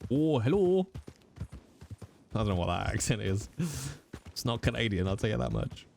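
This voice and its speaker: A man's voice: on the low side, sing-song, normal speed, gravelly, darkish tone, a little hiss or hum. A man, chatting casually with viewers on a live stream, jokey and teasing, with the odd swear.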